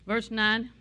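A woman's voice: on the high side, bright, forceful tone. A middle-aged woman pastor preaching a sermon in a conversational way, with asides and anecdotes.

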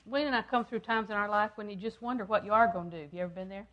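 An older woman preaching a sermon, repeating phrases for emphasis and swinging from loud, emphatic lines down to hushed ones. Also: mid-range voice, very fast, lo-fi sound.

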